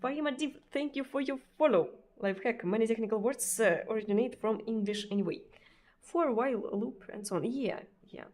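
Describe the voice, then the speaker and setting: A woman's voice: on the high side, brisk, darkish tone. Hesitant Russian-accented woman streamer. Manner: hesitant, many fillers and repeated words, frequent laughs. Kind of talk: casual live-stream chat with viewers.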